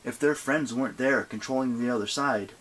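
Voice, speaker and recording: Male audiobook narrator, husky, middle pitch, expressive read. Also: a little fast. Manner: expressive reading.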